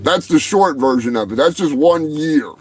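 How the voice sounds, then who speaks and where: A man hosting a comedy show, ranting in a rambling, profane way that often breaks into shouting. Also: fairly high pitch, expressive, normal speed, slightly rough, soft background music. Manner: rambling, shouting, heavy swearing. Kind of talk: profane comic rant.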